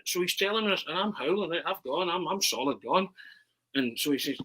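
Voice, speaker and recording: Animated Scottish man telling stories. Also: high voice, fairly quick, husky, low-quality recording. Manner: animated, keeps asking "right?". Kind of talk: casual storytelling.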